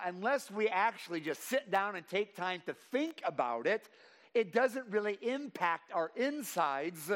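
A man preaching a sermon to his congregation, reading scripture slowly with emphasis and praying in a softer voice. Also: sits high. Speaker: pastor. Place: church sanctuary. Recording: long reverb of a large hall.

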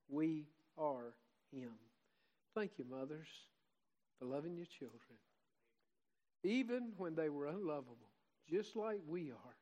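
Older pastor preaching fervently. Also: male voice, a little high, darkish tone, poor audio. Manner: heartfelt, rising to fervent emphasis. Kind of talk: sermon.

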